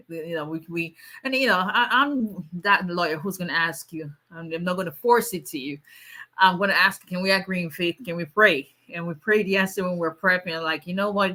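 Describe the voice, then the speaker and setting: Woman, tired, chatty livestream talk, lowish voice, bright forceful tone. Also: normal speed. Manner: chatty, greets viewers by name, laughs often. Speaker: immigration lawyer. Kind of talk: casual livestream chat with viewers.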